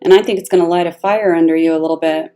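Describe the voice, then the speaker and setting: A woman giving a casual tarot reading, animated and blunt, swearing freely and laughing often. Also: on the low side, rapid-fire, smooth. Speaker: tarot reader.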